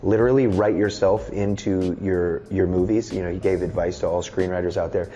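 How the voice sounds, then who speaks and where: A man's voice: low voice, steady tone, fairly quick, dark tone, lo-fi sound, soft background music. A man in his thirties talking in a casual interview, loose, candid and often swearing. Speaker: musician and film director, guest.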